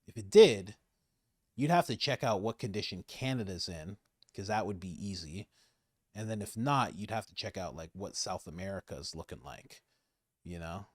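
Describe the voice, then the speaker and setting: A man giving casual political commentary, animated, laughing often and repeating his points for emphasis. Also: sits low, normal speed, no echo, studio quality.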